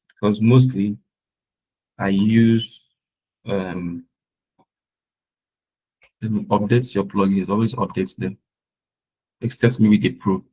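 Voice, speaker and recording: Low-voiced man teaching web design. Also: darkish tone, husky, highs cut off. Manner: checks often whether students follow; patient, repeats points. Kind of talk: live screen-share tutorial.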